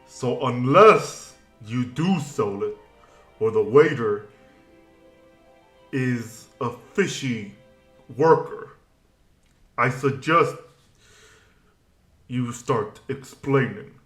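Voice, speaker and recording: Guy reading a blunt young half-orc knight, slow demanding talk, echoey room. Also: mid-range voice, lively intonation, a bit bright, faint music behind. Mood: stern.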